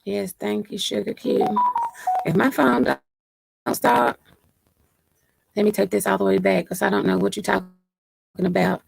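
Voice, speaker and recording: A woman's voice: medium pitch, normal speed, gravelly, pauses often, poor audio. A woman hosting a casual livestream, reading out viewer comments and greeting them by name. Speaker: livestream host.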